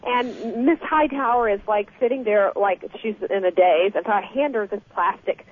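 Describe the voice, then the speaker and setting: A woman guest telling a story with lively, animated energy in a radio interview, heard over the phone. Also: mid-range voice, moderate pace. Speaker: guest author. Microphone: telephone. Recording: tinny phone line.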